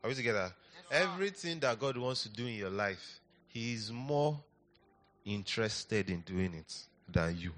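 A man's voice: lowish voice, animated, moderate pace, fairly bright tone. A man preaching a sermon in a church, repeating phrases and asking the congregation to answer back. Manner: coaxing, repeats phrases, asks the congregation to respond. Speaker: pastor.

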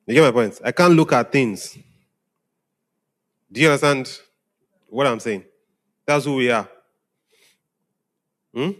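A man's voice: mid-range voice, measured pace, long pauses. A man, a pastor preaching to young people in a conversational way, often checking if they follow. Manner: conversational preaching, often asking "are we together?". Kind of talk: sermon to young congregation.

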